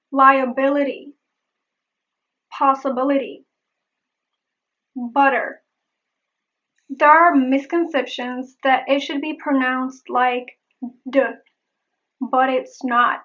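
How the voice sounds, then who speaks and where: A woman accent coach giving a pronunciation lesson, repeating example words slowly and carefully. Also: sits high, fairly bright tone, muffled recording.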